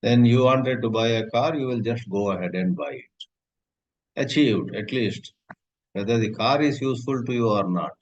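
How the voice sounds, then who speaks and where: A man lectures on scripture in a conversational, storytelling manner, using Sanskrit terms. His voice sits at a middle pitch. The recording is slightly muffled and lo-fi. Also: normal speed. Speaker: spiritual teacher.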